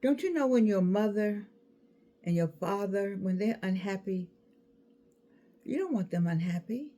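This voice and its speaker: A woman in her sixties gives a casual motivational talk at an everyday pitch. She is animated and repeats herself for emphasis, laughing freely as she goes. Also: measured pace. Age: 60s. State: toothache. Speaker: speaker addressing an audience.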